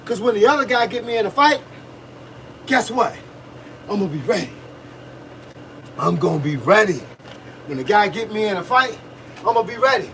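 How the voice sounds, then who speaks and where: Man, boxing coach, high voice, preachy and repetitive, livestream, distant mic. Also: noisy background. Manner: preachy, repetitive, talks to viewers, grunts while punching a bag.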